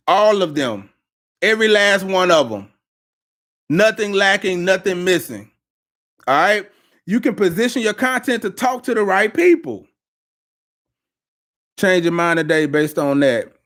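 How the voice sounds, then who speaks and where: A man's voice: high-pitched, a bit bright. A man coaching business owners on a live stream, emphatic and preachy, repeating his phrases for effect. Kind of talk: live-stream pep talk. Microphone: live-stream mic.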